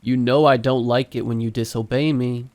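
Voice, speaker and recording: Man doing a soft, menacing controlling dad, calm on the surface. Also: medium pitch, moderate pace, no room sound, lightly acted.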